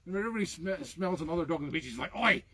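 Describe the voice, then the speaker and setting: A Scottish man hosting a live music stream, joking playfully and mocking himself. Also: racing. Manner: playful, self-mocking, with sudden high squeals at the dog. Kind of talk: jokey live-stream banter. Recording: noisy background.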